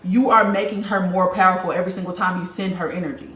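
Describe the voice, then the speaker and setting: A woman's voice: on the low side, fast. A woman hosting a casual spiritual livestream and reading viewer comments aloud, talking bluntly with lots of swearing. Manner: blunt, profane, animated talker. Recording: roomy, distant from the mic.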